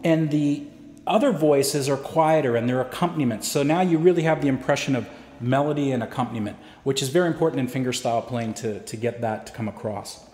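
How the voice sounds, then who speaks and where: A man's voice: mid-range voice, brisk. Man teaching guitar in an echoey room. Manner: relaxed, explains step by step with fillers. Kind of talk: instructional guitar lesson. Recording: roomy echo with guitar playing.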